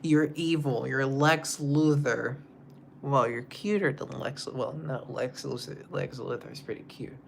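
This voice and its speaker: A young man, a singer, casually chatting on a livestream and reading out viewer comments in a rambling way, drifting into soft asides. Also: medium pitch, a little slow, gravelly, a little hiss or hum.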